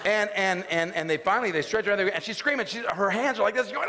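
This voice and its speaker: A middle-aged man giving an animated storytelling talk at a faith event, acting out scenes with loud outbursts. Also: high-pitched, fast talker, slight background noise. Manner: animated, acts out scenes with loud shouts and laughs.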